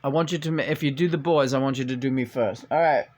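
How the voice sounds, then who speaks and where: This man talks fast in a medium-pitched voice while reading tarot cards, keeping things casual and playful. His manner is hesitant and rambling, with occasional meowing sing-song.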